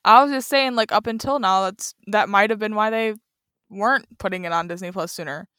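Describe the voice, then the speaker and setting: Bright-voiced woman podcast co-host. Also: medium pitch, brisk, clear, resonant tone, no echo, studio quality. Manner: laughing often, defensive, teasing. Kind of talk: casual podcast chat.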